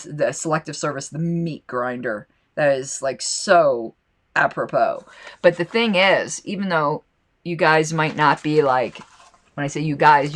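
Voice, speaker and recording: A woman hosting a solo podcast with a slight lisp, talking in a rambling, impassioned and indignant way between passages she reads aloud. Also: deep voice. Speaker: podcast host.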